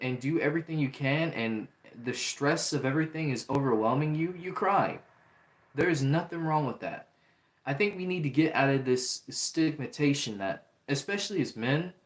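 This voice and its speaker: A young man hosting a livestream, talking in an earnest, repetitive way and reading out chat comments. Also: mid-range voice. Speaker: livestream host. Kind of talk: casual livestream talk. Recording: roomy echo.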